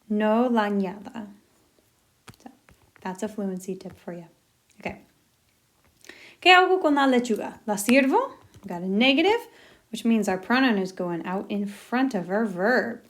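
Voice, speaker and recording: A woman teacher walking through a recorded lesson step by step, upbeat and encouraging. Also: medium pitch.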